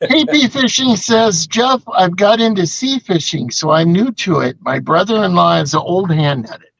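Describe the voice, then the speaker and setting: A man's voice: sits high, expressive, moderate pace, gravelly, a bit bright, no room sound, lo-fi sound. An older man co-hosting a casual live show, rambling through stories and reading out viewer comments. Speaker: co-host. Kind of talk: casual live-stream chat.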